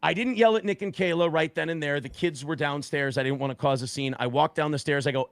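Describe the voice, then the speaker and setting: A man casually telling a profane, animated story on a podcast, acting out quotes. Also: fairly high pitch, fast, few pauses, no echo, studio quality. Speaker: guest storyteller.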